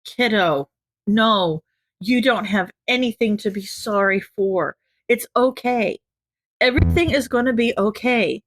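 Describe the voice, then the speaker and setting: Soothing male teacher, read by a woman, slow, soft, reassuring, dry close sound. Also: medium pitch, no room sound. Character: gentle adult male teacher comforting a scared kid.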